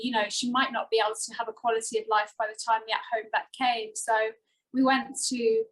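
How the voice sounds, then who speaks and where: A woman co-hosting a talk show, telling a heartfelt personal story with many pauses and fillers. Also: on the high side, fairly bright tone, poor audio. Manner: earnest, emotional, rambling with many fillers.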